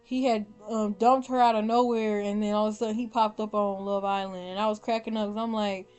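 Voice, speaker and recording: A young woman vlogger giving casual, opinionated commentary, animated and blunt, often laughing and swearing. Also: mid-range voice, fairly quick, smooth. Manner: animated, swears, laughs often, mimics her own reactions. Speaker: vlogger ranking reality show contestants.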